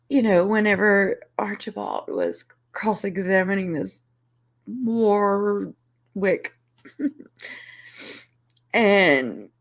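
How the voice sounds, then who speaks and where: A woman's voice: medium pitch, vocal fry. A woman hosting a casual livestream, rambling and restarting her sentences, laughing between phrases, emotional and close to tears. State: tearful, emotional. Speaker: YouTube channel host.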